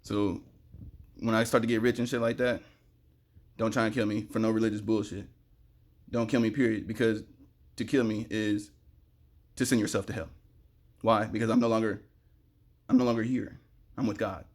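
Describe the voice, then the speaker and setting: A young man with a fairly low voice rambles fast and preachy straight to the camera, talking about spiritual matters. He sweats in the heat and bursts out loud now and then. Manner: fast, excitable, preachy, sudden loud outbursts.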